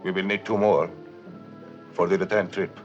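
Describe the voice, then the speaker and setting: An actor playing a terse, secretive foreign gentleman who talks in a curt, guarded, clipped way. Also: deep voice, flat delivery, moderate pace, lightly acted. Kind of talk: 1950s film acting. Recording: dull old film soundtrack with music.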